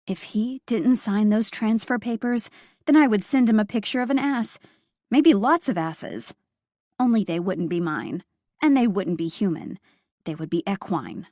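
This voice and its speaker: A woman narrates a first-person story with wry, expressive delivery, at a middling pitch. The recording is dry and close, with no room sound. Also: measured pace, no echo. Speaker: audiobook narrator.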